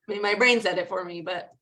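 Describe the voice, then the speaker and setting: A woman co-hosting a casual chat over a video call, making quick teasing remarks. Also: medium pitch, fairly bright tone. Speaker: podcast co-host.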